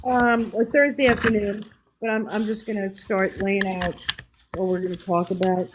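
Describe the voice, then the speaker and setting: A woman's voice: mid-range voice, fairly even intonation, moderate pace, noisy background. A woman with a New York accent hosting a live stream, talking candidly in casual chat with restarts. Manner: chatty, candid, with restarts and laughs.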